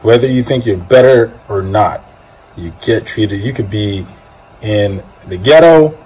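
A man from Nigeria hosting a casual commentary, speaking in a measured, reflective way with halting restarts. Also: mid-range voice, a little mellow, breathy edge, rough recording. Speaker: host.

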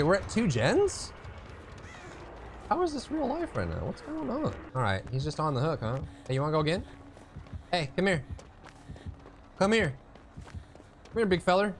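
A man commentating his own gameplay, excitable and teasing, swinging from quiet mutters to sudden shouts. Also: medium pitch, background noise. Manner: banters with the opponent, teasing.

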